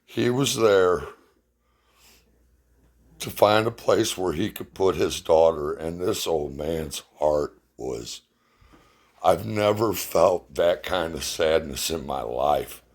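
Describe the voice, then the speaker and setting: A man's voice: low voice, animated, slow. A middle-aged man telling a personal story in a blunt, emotional way, swearing freely.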